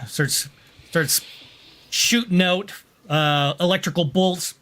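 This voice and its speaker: A man with a notably high voice narrates as game master of a tabletop game. He takes his time and restarts his sentences, slipping in short acted cries for the enemies. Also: takes it slowly, fairly bright tone.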